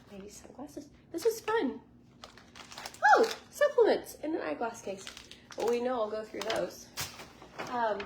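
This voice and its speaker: Bubbly woman in her forties, lively pitch. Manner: bubbly, chatty, full of likes and ums. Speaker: lifestyle vlogger. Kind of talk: casual chat to camera. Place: hotel room in Las Vegas. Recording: noticeable background noise.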